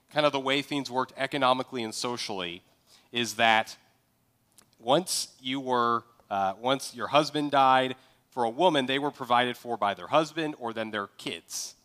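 A man with a bright, forceful voice preaching a sermon in a relaxed, conversational way. He slips into little acted-out exchanges to illustrate his points. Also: medium pitch, smooth. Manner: conversational, acts out sample dialogue. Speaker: pastor.

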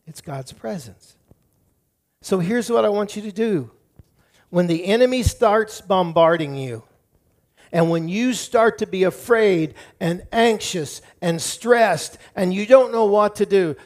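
A middle-aged male pastor preaching a sermon, shifting between soft, quiet passages and loud, emphatic build-ups. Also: on the high side, vocal fry. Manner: dynamic preaching, drops to soft tones then builds up loud.

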